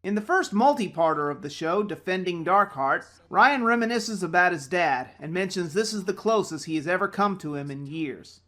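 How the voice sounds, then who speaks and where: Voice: medium pitch, expressive, normal speed, few pauses, fairly bright tone. A show reviewer giving casual commentary, sarcastic and prone to ranting.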